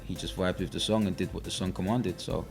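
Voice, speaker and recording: A young man with a South London accent chats through an interview in a deep, low voice. He talks loosely, dropping "you know" and "um" as he goes. Faint music runs underneath. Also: quick pace, gravelly. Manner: relaxed, many fillers like "you know". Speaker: rapper guest. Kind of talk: casual interview chat.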